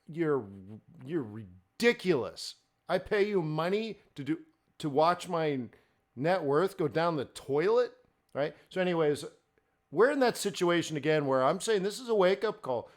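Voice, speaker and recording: A middle-aged man hosting a live forex trading stream, talking in a blunt, fired-up, ranting way. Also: on the high side.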